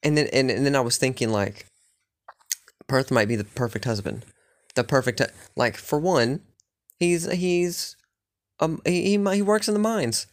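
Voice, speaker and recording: A man talks through his latest session of a fantasy game in a loose, rambling way. He curses often and leans on filler words, at an ordinary middle pitch. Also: a little slow, pauses often. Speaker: gamer recapping a playthrough. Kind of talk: casual chat.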